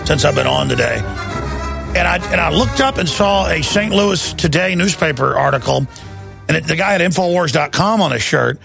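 Gravelly, ranting talk radio man. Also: high voice, fairly bright tone. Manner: ranting, impassioned, rough-voiced. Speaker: radio talk show host. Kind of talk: heated talk radio monologue.

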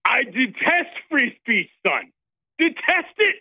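A man's voice: high-pitched, big pitch swings, fast, no room sound. A man calling into a show, doing an exaggerated fake foreign accent as a pompous middle-aged male pundit. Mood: gloating. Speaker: caller. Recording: dull phone-line call audio.

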